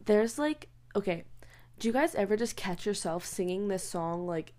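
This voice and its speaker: A woman's voice: medium pitch, animated, normal speed, a little mellow. Rambling giggly young woman vlogger. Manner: rambling, filler-heavy, giggly. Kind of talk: casual chat. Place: bedroom.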